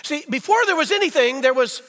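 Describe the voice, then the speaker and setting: A man preaching a sermon, asking the congregation questions and slowing down to stress key phrases, with big swings between hushed and loud delivery. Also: very high voice, lively intonation. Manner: rhetorical questions, slows for emphasis, swings between quiet and loud. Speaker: pastor. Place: church sanctuary. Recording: long reverb in a church hall.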